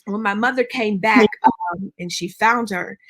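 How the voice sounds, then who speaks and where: A woman from Pittsburgh on a discussion panel, telling a personal story in an animated, emphatic way with frequent ums. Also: mid-range voice, a little slow, over a noisy crowd. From Pittsburgh, Pennsylvania, US. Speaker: panelist and preacher.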